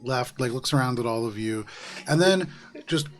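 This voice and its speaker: A man narrating as dungeon master in a tabletop role-playing game, describing scenes in a relaxed way with fillers. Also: mid-range voice, moderate pace.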